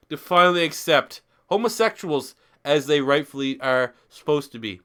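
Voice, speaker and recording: Tipsy guy streaming a football game, high voice, swears a lot, rambles on. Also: expressive, moderate pace, hardly any pauses, pushed and bright, clean tone. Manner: rambling, profane and joking. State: a little tipsy from beer. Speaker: gaming YouTuber streaming. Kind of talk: casual live-stream commentary.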